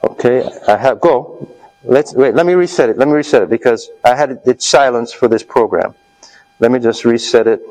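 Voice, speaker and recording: In a low-quality recording, a man with a medium-pitched voice and moderate pace runs a live health seminar. Out of breath, he guides the audience through an exercise, loudly cheering them on and checking in along the way.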